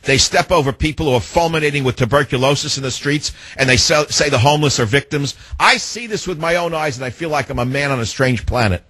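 Male talk radio host, husky and dry, sarcastic and lecturing toward callers. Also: on the high side, fast talker, hardly any pauses, pushed and bright, dry recording. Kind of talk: talk radio taking calls.

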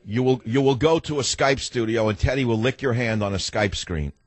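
A man's voice: medium pitch, a little fast, husky, dry recording. An older man in his sixties hosting a talk radio show, delivering a combative, ranting monologue that turns reflective at times. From United States.

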